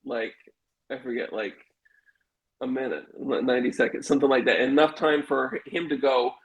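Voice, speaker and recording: A middle-aged man telling a wild personal story in casual conversation, animated and acting out the voices of the people in it. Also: medium pitch, moderate pace, rough recording. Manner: animated, swearing, acts out quoted voices. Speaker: guest telling a life story.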